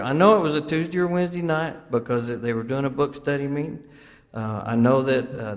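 A man telling his own story to a recovery group, rambling and self-mocking, with frequent laughs and restarts. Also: a little high. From Oklahoma, US. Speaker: recovery meeting speaker. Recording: long reverb from a hall.

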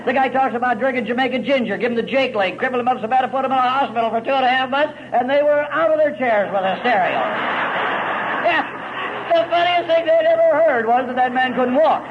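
A middle-aged man telling his story at a recovery meeting, gritty and folksy, swinging from loud to hushed. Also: very high-pitched, fast talker, muffled recording, noisy background.

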